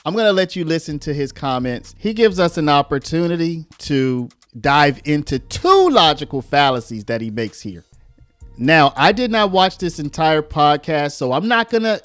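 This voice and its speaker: In a slightly high voice recorded without room sound, a man chats with viewers while hosting a casual commentary video. He keeps things lively, throws in "y'all," and performs quotes by raising his voice.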